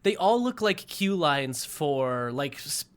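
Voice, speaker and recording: A man's voice: a little high, very animated, slow pace, smooth. A young man co-hosting a casual podcast chat, rambling and laughing often as he restarts his sentences. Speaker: podcast co-host.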